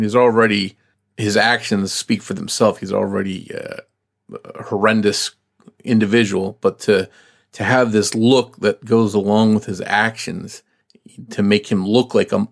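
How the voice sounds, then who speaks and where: A man co-hosting a podcast, speaking in a measured way with hesitant restarts. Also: lowish voice, creaky. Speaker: podcast co-host. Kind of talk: casual podcast discussion.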